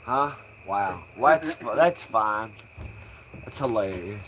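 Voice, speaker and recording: A man's voice: on the low side, expressive, slow pace, fairly bright tone, a little hiss or hum, low-quality recording. Joking, profane young man streaming. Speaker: livestream host. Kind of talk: casual live-stream banter. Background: crickets.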